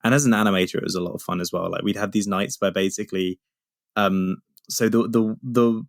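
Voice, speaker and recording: A man's voice: lowish voice, fairly even intonation, fairly quick, no echo, studio quality. A young man co-hosting a podcast, telling stories in a rambling way with many restarts. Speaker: podcast co-host. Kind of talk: casual chat.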